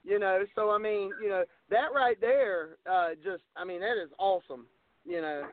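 A middle-aged man with a Southern Georgia accent, calling in as a wrestling promoter and talking in a folksy way with many pauses. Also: sits high. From American South. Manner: folksy, many "uh" fillers, says "y'all" and "yes, sir". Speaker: wrestling promoter, phone-in guest. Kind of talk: casual phone interview. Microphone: phone call. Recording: tinny phone line.

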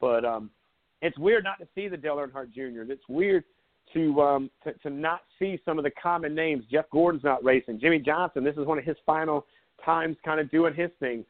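A man's voice: fairly high pitch, normal speed. Laid-back man on a tinny line. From South Carolina. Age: 40s. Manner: rambling storyteller, laid-back and sarcastic. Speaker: sports talk host. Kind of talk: casual live show chat.

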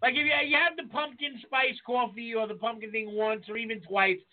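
High-voiced profane New man. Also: steady tone, brisk. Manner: profane, blunt storyteller. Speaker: chef and podcast co-host. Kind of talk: casual chat, storytelling. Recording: tinny phone-like sound.

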